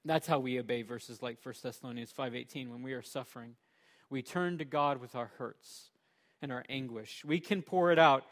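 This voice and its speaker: A male pastor preaching a sermon, emphatic, moving between loud punchy lines and quiet low ones, slowing down to stress key words.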